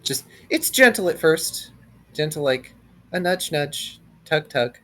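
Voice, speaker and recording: A man voicing his character in a tabletop game, speaking gently and coaxingly to another player's character. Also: on the high side, sing-song, takes it slowly. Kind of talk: in-character tabletop role-play.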